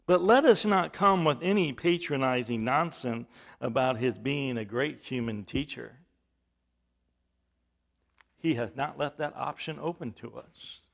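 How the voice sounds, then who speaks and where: A man preaching a sermon, emphatic, with rhetorical questions and swings between loud and hushed delivery. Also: medium pitch, lively intonation, measured pace, vocal fry.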